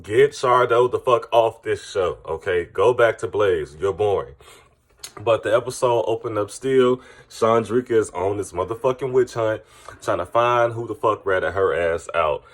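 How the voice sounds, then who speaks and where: A man's voice: lowish voice, normal speed. A man recapping a reality TV episode to camera, blunt and profane in an opinionated, casual way. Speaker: TV recap commentator.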